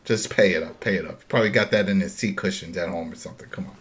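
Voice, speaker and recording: This is a man with a thick Brooklyn accent hosting a casual wrestling chat. His voice sits a little low, and he talks bluntly, with plenty of profanity and lively emphasis. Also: fast. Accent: New York Brooklyn. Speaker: podcast host.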